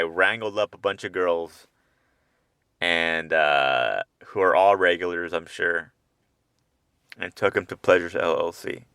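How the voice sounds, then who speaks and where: A man's voice: low voice, pushed and bright, dry recording, clean studio sound. A man hosting a podcast, telling a meandering, profane comic monologue with chuckling asides, taped on a handheld recorder in a parked car at night. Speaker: podcast host. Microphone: handheld portable recorder.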